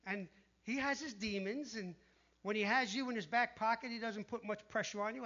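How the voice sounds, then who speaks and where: A man preaching a sermon in an animated way, dropping to a hush when he quotes the tempters. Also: high-pitched, moderate pace. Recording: dull lo-fi sound.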